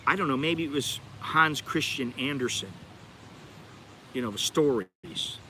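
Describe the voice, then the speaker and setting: A man's voice: mid-range voice, lively intonation, unhurried, sharp tone, a little hiss or hum. A middle-aged American man hosting his channel, rambling in a chatty, digressive way and talking straight to his viewers. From United States. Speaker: channel host. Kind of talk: rambling livestream chat.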